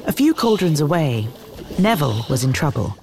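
A woman narrating a children's novel in a measured, expressive reading. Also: low voice. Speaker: audiobook narrator. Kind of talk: storybook narration.

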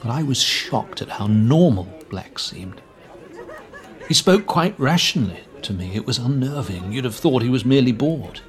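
A fussy, self-important male minister of middle age holds forth with grave earnestness, as an actor puts him on. His voice sits at an ordinary pitch, with a faint crowd murmur behind him in this audio drama. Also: lively intonation, moderate pace, close to an everyday voice. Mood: explaining. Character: anxious middle-aged male government minister, pompous.

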